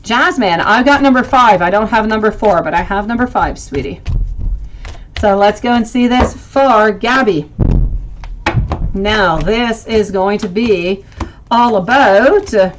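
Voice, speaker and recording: In a noisy setting, a woman with a medium-pitched voice talks a little slowly while reading tarot cards on a livestream. She warmly addresses viewers as sweetie and muses aloud over the spread.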